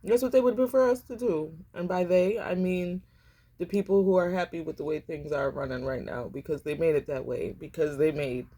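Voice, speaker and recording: A woman's voice: low-pitched, brisk, mellow, husky. Woman tarot reader, casual vlog delivery, repeats lines for emphasis. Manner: emphatic and repetitive, addressing viewers as y'all.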